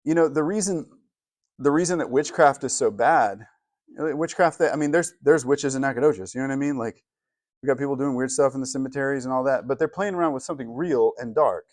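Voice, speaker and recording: Conversational pastor, dry sound. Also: male voice, fairly quick, no room sound. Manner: casual, conversational, frequent "right?" and "like"; swells loud and high for emphasis. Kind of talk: teaching sermon. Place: church hall.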